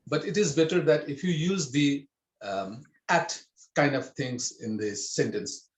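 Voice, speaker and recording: A man's voice: fairly high pitch, a little slow. Patient male language teacher, echoey room. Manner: patient, repeats and checks with "okay?". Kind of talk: online language lesson.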